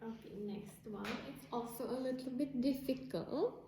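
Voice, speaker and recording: A woman teacher giving an English lesson to young children in slow, simple phrasing. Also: high-pitched, warm tone, roomy sound, slight background noise.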